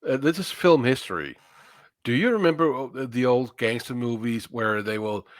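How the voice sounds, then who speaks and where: A man appearing as a guest in a casual review chat, giving his opinions in a measured way. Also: medium pitch, no room sound, studio quality.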